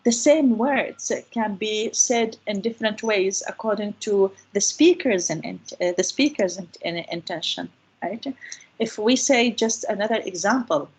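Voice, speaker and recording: A woman's voice: mid-range voice, unhurried, breathy edge, low-quality recording. A woman guest speaker answering questions in an online talk, explaining patiently with many fillers and restarts.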